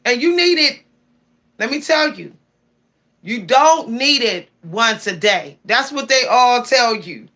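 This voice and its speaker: A woman's voice: fairly high pitch, animated, slow pace, sharp tone. A woman giving spiritual advice on her livestream, preachy and emphatic, often repeating key phrases. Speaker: spiritual streamer.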